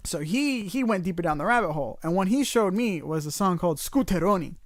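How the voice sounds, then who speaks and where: A man's voice: high-pitched, expressive, fast talker, no room sound, studio quality. A young man co-hosting a podcast, chatting casually and rambling, often restarting his sentences. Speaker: podcast co-host. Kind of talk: casual chat.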